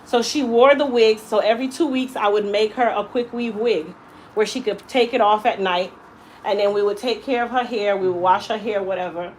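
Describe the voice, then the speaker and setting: A medium-pitched woman, talking at a normal speed, shares a personal story while doing hair in her salon. Her delivery is casual, animated and emphatic, and she performs the quoted lines. There's slight background noise and the recording is rough.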